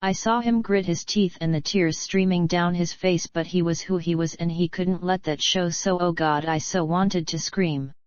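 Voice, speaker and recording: A woman narrates her own novel in a blunt, profane, rambling first-person voice. Her voice is low and smooth. The recording is dry and slightly dull, with no room sound. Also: steady tone, moderate pace, few pauses, darkish tone, no room sound. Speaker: audiobook reader and author.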